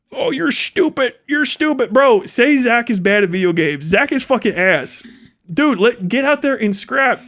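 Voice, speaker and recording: A man's voice: high-pitched, a bit bright. A young man from Ohio ranting on a livestream, swearing constantly and laughing at his own jokes. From Ohio, USA. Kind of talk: profane live-stream rant.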